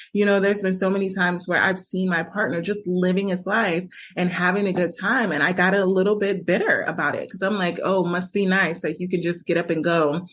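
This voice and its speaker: A woman's voice: fairly low pitch, fairly bright tone. A woman hosting a podcast, speaking candidly from her own experience and acting out quoted arguments as she coaches listeners. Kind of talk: personal monologue with advice.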